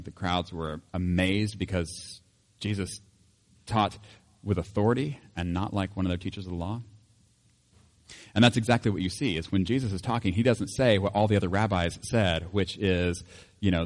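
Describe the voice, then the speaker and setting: A man reading scripture and then teaching in a relaxed, chatty way, laughing now and then. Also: lowish voice, moderate pace, long reverb tail. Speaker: pastor.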